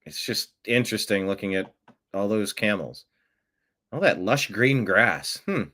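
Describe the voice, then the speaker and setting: The host of a political news show speaks casually in a lowish, bright, forceful voice without hurrying. He tosses out wry, offhand remarks and mocking asides.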